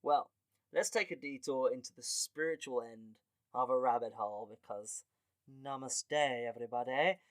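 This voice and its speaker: A man's voice: mid-range voice, normal speed, dry recording. Man hosting a comedy podcast, laughs a lot, swears, medium voice, dry close sound. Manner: animated, laughs often, swears casually. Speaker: podcast host. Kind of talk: casual comedic monologue.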